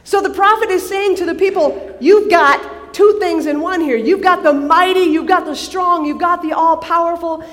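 A high-voiced woman preaching to a gathered crowd. She is animated and playful, asking her listeners questions as she goes. Her voice rings out with the long reverb of a large hall. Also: moderate pace, few pauses. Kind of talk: sermon.

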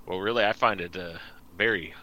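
A man's voice: deep voice, brisk, sharp tone. A man co-hosting a podcast in casual chat, teasing his friend and filling his talk with "like" and "right". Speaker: podcast co-host.

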